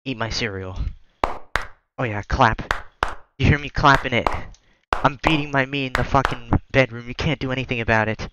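A man giving crude, profane let's-play commentary on a horror game, joking and yelling when scared. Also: mid-range voice, normal speed, long pauses, muffled recording, heavy background noise. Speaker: gamer playing a horror game.

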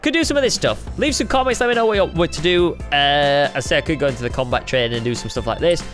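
Excitable woman narrating her gameplay. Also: deep voice, fast talker. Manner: excitable, playful, talks to herself while playing. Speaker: gaming YouTuber. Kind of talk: casual gameplay commentary. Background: game music.

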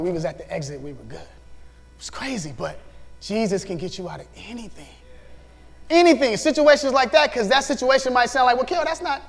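Animated high-voiced male youth pastor. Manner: animated, acts out voices, laughs often. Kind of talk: storytelling sermon. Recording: hall reverb.

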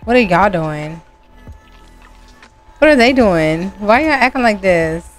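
A woman voicing a surprised young pregnant woman in a life-sim game, asking questions in slow, high exclamations. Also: expressive, faint music behind. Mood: stunned.

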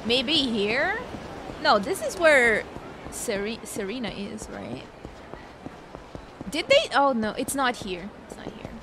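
A woman streaming a video game, chatting and reacting with excitement. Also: fairly high pitch, slow, background noise. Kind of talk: casual gameplay commentary.

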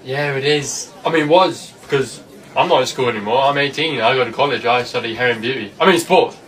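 A man's voice: mid-range voice, fairly quick, a bit bright, recorded from a distance. A young man playing a cheeky, joking teenage boy sneaking into a film.

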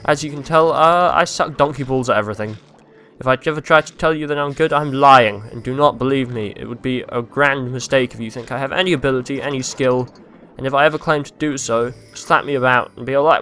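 A young man commentating a video game he is playing, rambling and crude, mocking himself and breaking into silly yells. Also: medium pitch, steady tone, a little fast, clean tone. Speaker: let's play host.

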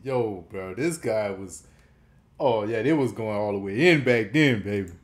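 A man's voice: medium pitch, big pitch swings, unhurried. A man hosting a reaction video, talking in laid-back slang and laughing often. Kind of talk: casual reaction commentary.

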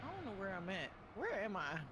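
A woman playing an online game with friends, shouting excited call-outs and slangy jokes over voice chat. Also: medium pitch, fast, noisy background. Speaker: fellow player in a game voice chat. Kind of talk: casual gaming chat.

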